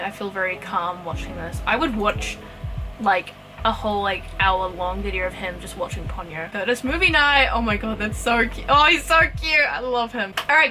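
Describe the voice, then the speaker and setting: A young woman hosts a pet channel in a chatty reaction style, gushing and quick to exclaim. Her voice sits in a middle pitch range. Music plays clearly behind her. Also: low-quality recording. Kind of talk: casual reaction commentary. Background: background music.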